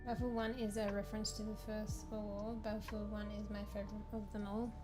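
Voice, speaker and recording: A woman's voice: mid-range voice, flat delivery, fast talker. A tired woman streamer chatting with her viewers in a rambling, playful way, often correcting herself. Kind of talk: casual chat with viewers. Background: game music.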